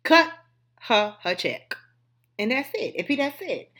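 A woman's voice: on the high side, very animated, measured pace, fairly bright tone. A woman hosting a gossip commentary show, talking bluntly and emphatically, with frequent swearing. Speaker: host.

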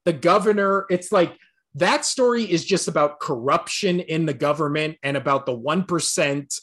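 A man's voice: a little high, normal speed, fairly bright tone. A man co-hosting a casual sports podcast, ranting bluntly with lots of swearing and laughter. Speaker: podcast co-host.

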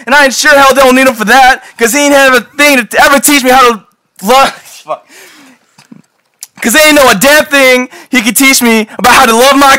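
A man's voice: extremely high pitch, no echo. A young man playing a hurt young man abandoned by his father, reading a scene with friends. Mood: shouting, pained. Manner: bitter, rising to shouting.

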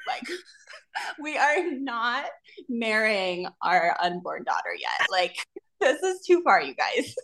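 A woman singer guesting on a podcast, telling stories in an animated, giggly way and acting out the quotes of other people. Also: on the high side, takes it slowly, slight background noise, rough recording. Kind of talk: casual storytelling chat.

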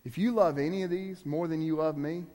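A man's voice: a little high, steady tone, brisk, dark tone, long reverb tail. A man preaching as a guest preacher, emphatic and conversational, turning to the congregation with asides. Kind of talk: sermon.

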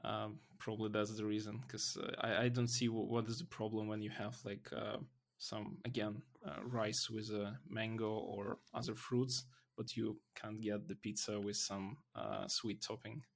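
Low, gravelly, hesitant man. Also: level tone, normal speed, hardly any pauses. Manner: hesitant, many fillers, non-native phrasing. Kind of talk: casual chat.

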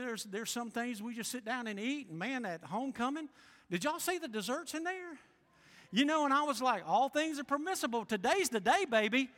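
Pastor guy, really high bright voice, folksy sermon, echoey church. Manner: folksy preaching, acts out voices.

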